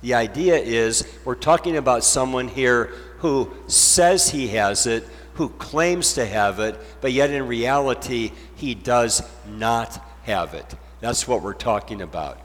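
A pastor delivers his sermon in a slow, measured cadence. He leans on repetition to drive each point home. His voice rings out with a long reverb, as if in a church hall. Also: mid-range voice, lively intonation, slight background noise. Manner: slow, deliberate preaching with emphatic repetition.

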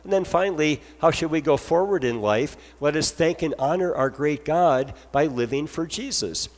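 A man's voice: a little high, normal speed, long reverb tail. A man preaching an earnest sermon as pastor, moving from scripture into heartfelt spoken prayer.

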